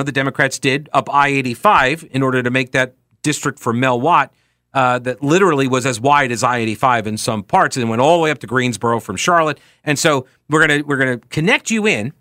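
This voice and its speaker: A man's voice: mid-range voice, bright, forceful tone, no echo, clean studio sound. A man hosting a political talk show, speaking casually and sarcastically while reading listener tweets aloud with frequent asides.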